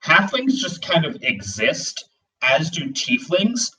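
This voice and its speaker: A man's voice: a little high, very animated, slow pace, bright, forceful tone. Rambling man on a distant mic. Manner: rambling, full of "like" and "you know", acts out bits. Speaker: podcast co-host. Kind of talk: casual chat.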